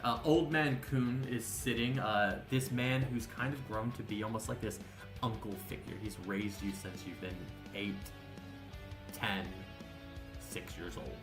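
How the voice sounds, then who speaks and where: A man's voice: lowish voice, a little slow. A man narrating as game master in a tabletop game, rambling with many fillers and restarts. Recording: echoey room with faint music.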